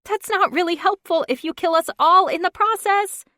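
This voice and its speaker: A woman reading an audiobook, voicing an excitable, indignant young pregnant woman with a raised, exasperated voice. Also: very high voice, dry recording, studio quality, voice pushed up. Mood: alarmed. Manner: exasperated, rapid outbursts.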